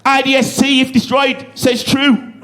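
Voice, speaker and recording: A young man with a Yorkshire accent performing a stand-up comedy set on a club stage, animated and swearing, with shouted bursts. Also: extremely high pitch, measured pace, background noise. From Bradford, Yorkshire, England.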